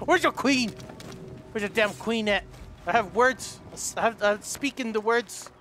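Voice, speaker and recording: A man giving excitable let's play commentary, with loud outbursts and giggly laughter. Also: high voice, moderate pace, soft background music. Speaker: gaming YouTuber.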